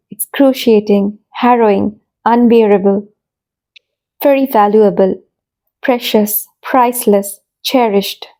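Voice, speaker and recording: A woman reading an English vocabulary lesson as short phrase pairs, with a pause after each phrase. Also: medium pitch, dark tone. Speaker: English teacher. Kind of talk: slow scripted vocabulary lesson.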